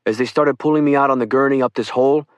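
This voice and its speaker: A man reads survivors' accounts for an oral history audiobook, calm and steady in the first person. His voice sits mid-register and is recorded dry and close. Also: mid-range voice, fast, no room sound. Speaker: audiobook narrator.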